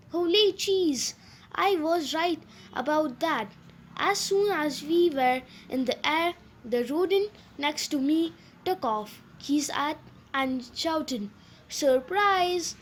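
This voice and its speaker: A woman's voice: sits high, a little hiss or hum. A woman narrating a children's audiobook, with hesitant fillers and small slips. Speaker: audiobook reader.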